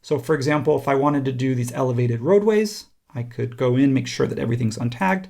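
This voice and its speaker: A man explains a software tutorial in an easygoing, conversational way, thinking aloud as he works. His voice sits at a middle pitch, neither high nor low. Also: brisk, gravelly. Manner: relaxed, conversational, thinks aloud while clicking. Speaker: instructor. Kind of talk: screen-recorded software tutorial.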